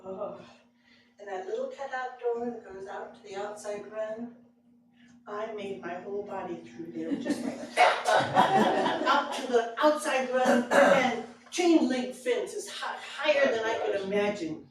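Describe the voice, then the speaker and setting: Speaking at a measured pace in a slightly high voice, a woman tells a story to a live audience and expressively voices the scene. The background is noisy, and the distant mic picks up a very echoey room with audible ambience and audience laughter.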